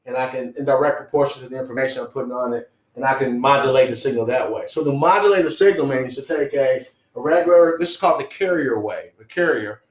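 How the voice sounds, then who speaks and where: A man teaching an electronics class, explaining things loosely and conversationally while he draws. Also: on the high side. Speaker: electronics instructor. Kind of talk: casual classroom lecture. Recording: roomy, dull lo-fi classroom sound.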